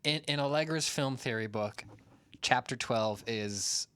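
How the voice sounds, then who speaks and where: A man co-hosting a casual video chat, talking in a wry, deadpan way. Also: medium pitch, unhurried, clean tone, dry recording. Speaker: co-host.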